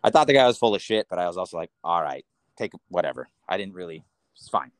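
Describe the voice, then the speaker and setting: A man from the Los Angeles area, a podcast guest telling long, rambling stories in an animated way, often restarting and laughing mid-sentence. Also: low voice, very fast, no echo, clean studio sound. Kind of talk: casual storytelling.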